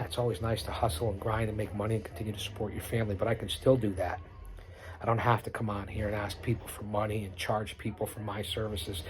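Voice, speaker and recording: A middle-aged man with a fairly low, darkish voice hosts his own podcast, giving unscripted live commentary over a wrestling broadcast. He comes across as boastful and preachy, repeating himself and rattling off lists.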